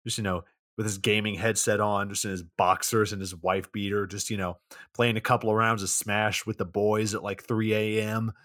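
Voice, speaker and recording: A man's voice: on the low side, little pitch movement, normal speed, a bit bright, no echo, studio quality. A man co-hosting a podcast in casual chat, recapping a movie scene by scene and acting out quoted lines. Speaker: podcast co-host.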